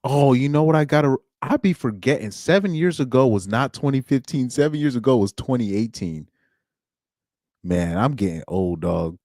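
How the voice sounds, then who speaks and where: A man's voice: mid-range voice, moderate pace, a little mellow, no room sound, clean studio sound. A young man streaming alone, chatting casually in slang, rambling and laughing as he goes. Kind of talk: casual chat.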